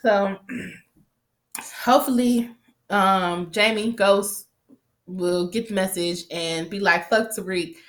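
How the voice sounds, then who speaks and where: A woman giving a casual, animated show recap, swearing freely and acting out the characters' lines, with a stuffy nose from allergies. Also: mid-range voice, slow, long pauses. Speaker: TV recap vlogger.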